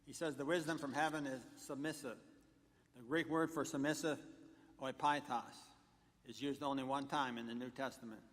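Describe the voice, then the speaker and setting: A man's voice: mid-range voice, a bit bright. A man, a pastor, delivering a sermon in a church, walking through numbered points and telling jokes along the way. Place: church sanctuary. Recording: long church reverb.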